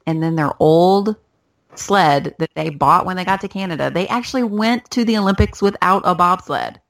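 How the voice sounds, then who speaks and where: A woman's voice: lowish voice, normal speed, vocal fry. A woman co-hosting a podcast in casual film chat, effusive and emotional as she retells scenes, with many fillers. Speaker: podcast co-host.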